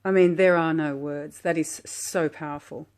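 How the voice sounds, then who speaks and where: A woman calmly unboxing a tarot deck while sitting on her floor, gushing and admiring each card at an unhurried pace. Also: deep voice, smooth. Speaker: tarot vlogger. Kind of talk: relaxed unboxing commentary.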